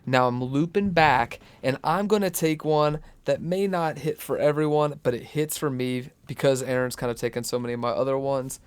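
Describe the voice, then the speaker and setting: A man co-hosting a podcast in casual chat, animated and teasing, laughing often. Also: mid-range voice, normal speed, hardly any pauses, clear, resonant tone, no echo. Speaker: podcast co-host.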